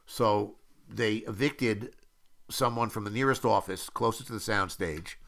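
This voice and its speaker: Bright-voiced older man telling film stories. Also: on the low side, a little slow, gravelly. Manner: anecdotal storytelling, with many fillers and acted-out quotes. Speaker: screenwriter. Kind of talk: film audio commentary.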